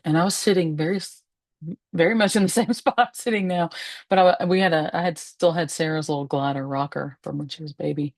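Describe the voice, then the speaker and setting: A woman, a medium and spiritualist, telling a personal story to the camera from her home, candid and emotional, pausing and laughing softly. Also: low voice, vocal fry, dry recording. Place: at home, seated in a rocking chair.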